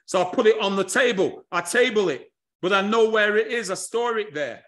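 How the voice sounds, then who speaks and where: A man giving a lively, energetic lecture and asking his listeners to write things down. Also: high voice, normal speed. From United Kingdom. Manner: energetic, animated presenting with audience tasks. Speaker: history and culture speaker.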